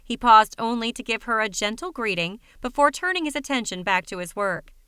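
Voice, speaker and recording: A woman narrating an audiobook in an even, wry storytelling manner on a close studio mic. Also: a little high, fairly quick, clean tone, dry recording.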